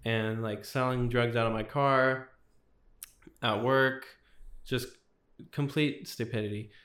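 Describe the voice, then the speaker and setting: A man's voice: medium pitch, steady tone, slow pace, fairly bright tone. A man in his twenties, a podcast guest, tells his testimony in casual, rambling chat full of "like" and "you know". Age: 20s. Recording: roomy echo.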